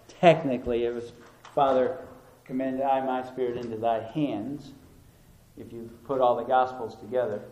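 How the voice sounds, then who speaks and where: A man preaching a sermon in a deliberate, emphatic way, repeating words to stress them. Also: a little high, dark tone. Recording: roomy echo.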